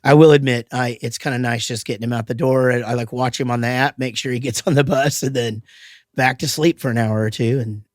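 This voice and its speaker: A man's voice: medium pitch, steady tone, brisk, dry recording, studio quality. Rambling man in casual chat. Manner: rambling, many restarts, swears freely. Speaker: podcast host.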